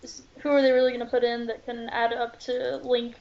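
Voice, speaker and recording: Woman w a higher voice thinking out loud about games, kinda hedgy, dull lo-fi sound. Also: flat delivery, fairly quick. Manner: thoughtful, hedging. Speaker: podcast guest. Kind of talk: casual gaming chat.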